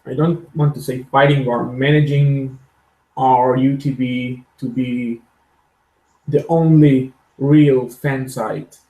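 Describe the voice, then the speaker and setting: Slow, gravelly man. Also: medium pitch, fairly even intonation, dark tone. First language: Hebrew. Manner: halting, searching for words. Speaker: podcast co-host. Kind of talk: casual podcast discussion. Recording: echoey room sound.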